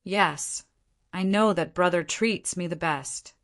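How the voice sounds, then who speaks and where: Read by a woman, this is a clingy young sister from a storybook who pouts and wheedles to get her way. Her voice sits fairly low for a woman. The delivery stays plain and close to a reader's own voice. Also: slow pace, a bit bright. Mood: sly. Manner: pouting, wheedling. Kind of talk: audiobook character reading.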